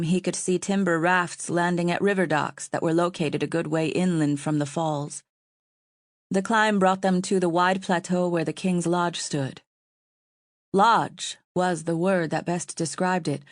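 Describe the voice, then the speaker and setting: A woman narrating an audiobook in a calm, even storytelling manner. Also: fairly low pitch, no echo, clean studio sound. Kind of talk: scripted narration.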